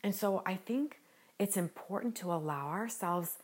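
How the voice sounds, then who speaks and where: A woman hosting a devotional podcast, talking gently and earnestly in an unhurried way with a smile in her voice. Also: mid-range voice. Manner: gentle, unhurried and earnest, smiling as she speaks. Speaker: podcast host.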